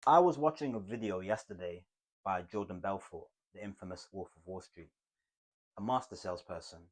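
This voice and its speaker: A man teaching communication skills to camera in an emphatic, motivational way, swinging between loud bursts and hushed asides. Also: deep voice, normal speed. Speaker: communication coach.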